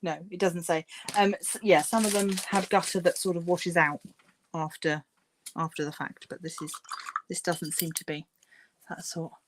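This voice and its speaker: A woman's voice: fairly low pitch, fairly even intonation, moderate pace, background noise. A woman hosting a crafting livestream, chatting casually with many fillers while she paints and murmurs to herself.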